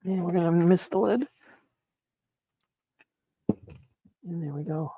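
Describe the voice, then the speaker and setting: A man chatting excitedly on a live stream as he works on his mushroom grow, laughing and apologizing often. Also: sits high, slow, breathy edge, phone-quality sound. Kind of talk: live-stream chat while working. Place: grow room, indoors.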